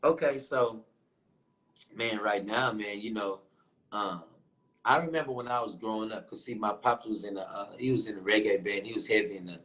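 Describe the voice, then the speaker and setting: Laid-back low-voiced man from Houston. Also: normal speed, fairly bright tone, low-quality recording. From Houston, Texas. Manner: laid-back, rambling, lots of "you know, man". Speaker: guest musician. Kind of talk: casual interview chat. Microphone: video call.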